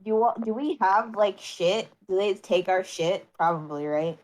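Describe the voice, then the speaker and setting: Woman player at a tabletop game, mid-pitch, casual and sweary. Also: measured pace, darkish tone, poor audio.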